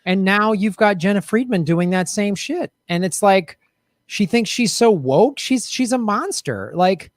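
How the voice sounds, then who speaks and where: A man's voice: sits high, animated, measured pace, no echo, clean studio sound. A man hosting a podcast, talking in an emphatic, indignant casual chat. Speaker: podcast host.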